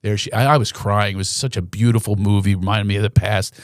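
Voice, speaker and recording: A man's voice: fairly low pitch, fast, no room sound, studio quality. A man, a comedian guest, telling a story in a casual podcast conversation. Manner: animated, self-interrupting storyteller.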